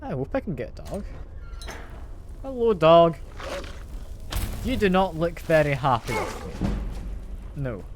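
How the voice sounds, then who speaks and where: Lively man chatting to stream. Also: fairly high pitch, measured pace, long pauses, a little hiss or hum. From Britain. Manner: chatty, talks to chat, playfully defensive. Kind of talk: casual live-stream gaming chat.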